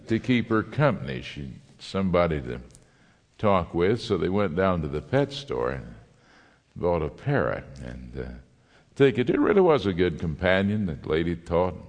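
Lively low-voiced man preaching in a hall. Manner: folksy storyteller, lively delivery with a joke. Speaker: guest Bible teacher. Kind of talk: sermon with humorous story.

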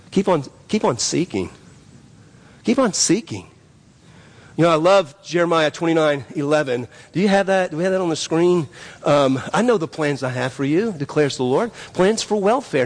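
A man's voice: fairly high pitch, animated, fairly quick. A man preaching a sermon as pastor, emphatic and repetitive, with frequent restarts. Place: church sanctuary. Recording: long reverb of a church hall.

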